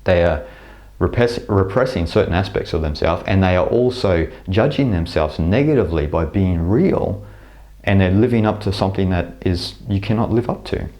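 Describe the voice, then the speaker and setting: A man's voice: deep voice, moderate pace, dark tone. A man giving a reflective spoken talk on spirituality, with frequent fillers and restarts. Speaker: spiritual teacher. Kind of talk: spoken lecture to camera.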